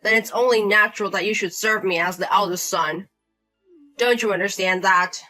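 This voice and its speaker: A woman's voice: mid-range voice, steady tone, normal speed, pushed and bright, faint music behind, close to an everyday voice. Woman voicing an arrogant, bossy man in his thirties. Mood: scolding. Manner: bossy, condescending, demanding.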